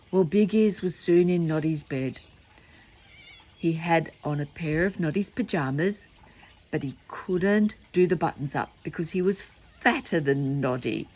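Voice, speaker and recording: A woman's voice: deep voice, a little slow, darkish tone. An older woman reading a children's book aloud, chatty and playful with asides to the listener. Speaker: storyteller.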